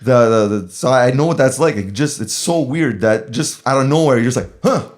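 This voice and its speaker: A man's voice: medium pitch, brisk. A man on a podcast telling rambling stories in casual chat, swearing and laughing as he goes. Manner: animated, swearing, laughing storyteller. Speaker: podcast co-host.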